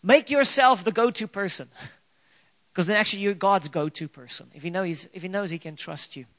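A man with a high-pitched voice preaches a sermon to his congregation. He speaks earnestly and with emphasis, piling up rhetorical questions and drawing out key phrases. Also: a little fast, a bit bright. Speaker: pastor.

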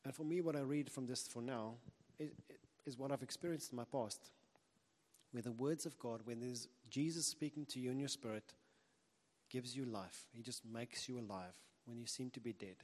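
Speaking at a moderate pace, this male preacher sounds earnest and chatty, often circling around and starting over. His normal-pitched, slightly dark voice echoes with the long reverb of a large hall.

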